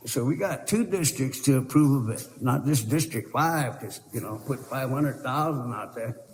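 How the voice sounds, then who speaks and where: At normal speed and in a mid-range voice, a man addresses a council chamber debate as a tribal council representative. He sounds earnest and pleading, repeats himself, and the room is echoey with a little noise.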